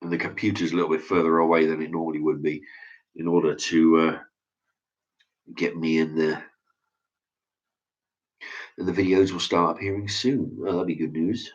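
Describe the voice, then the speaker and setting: A man's voice: a bass voice, level tone, normal speed, long pauses. A man hosts a casual opinion chat and reads viewer comments, talking bluntly and profanely in a ranting way. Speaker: channel host reading viewer comments. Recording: dull lo-fi sound.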